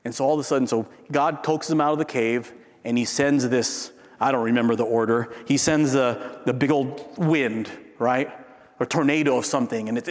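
A man preaching a sermon in a conversational way, tossing in "right?" and swinging from loud peaks down to a near-whisper. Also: mid-range voice, in a large hall. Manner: frequent tag question "right?". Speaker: pastor.

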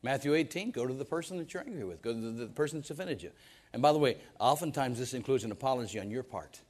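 Animated and fast, a pastor with a medium-pitched, darkish voice delivers an emphatic sermon. He peppers it with rhetorical questions and keeps stammering over repeated words.

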